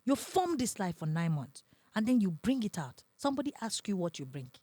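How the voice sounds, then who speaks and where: Animated Nigerian woman, dry close sound. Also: medium pitch, fairly quick, no room sound. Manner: animated, dramatic storyteller who laughs often. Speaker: relationship advisor and guest. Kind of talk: casual podcast interview talk.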